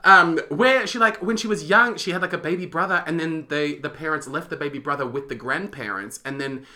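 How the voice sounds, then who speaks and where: A man's voice: fairly high pitch, brisk, sharp tone. A man co-hosting a podcast, chatting casually and telling stories with lots of giggles and restarts. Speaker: podcast co-host. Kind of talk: casual chat.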